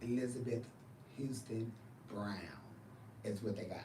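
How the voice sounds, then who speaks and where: A man who performs in drag and hosts shows, chatting casually with viewers and telling lively, profane stories. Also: lowish voice, a little slow, reverberant, distant mic, a little hiss or hum. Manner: animated, profane storytelling. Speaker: drag performer and show host. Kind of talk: casual chat answering viewers.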